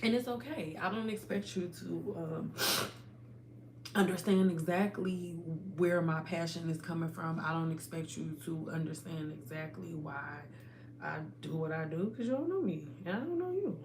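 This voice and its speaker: A woman hosting a hair care livestream from home, talking to her viewers in a casual, animated and emphatic way. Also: on the low side, moderate pace, noisy background.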